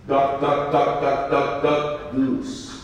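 A man preaching, reading scripture aloud and then commenting on it in a folksy, animated way. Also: medium pitch, slow, a little hiss or hum. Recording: echoey hall from far off.

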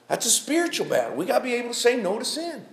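A man's voice: very high voice, huge pitch swings, racing, echoey room. A middle-aged man preaching a sermon in a church, folksy, calling out members of the congregation by name.

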